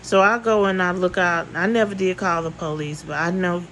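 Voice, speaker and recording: A woman's voice: fairly low pitch, steady tone, moderate pace, fairly bright tone, slight background noise, rough recording. A woman vlogger telling a story in casual speech, blunt and full of swearing, repeating herself for emphasis.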